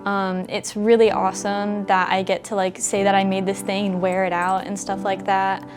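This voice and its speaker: A woman reflects on her art in a documentary interview, pausing often with "um" as she gathers her thoughts. Her pitch sits in an ordinary middle range. Music plays clearly beneath her voice. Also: little pitch movement. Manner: reflective, with "um" fillers. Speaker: interviewee, fursuit wearer and artist. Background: background music.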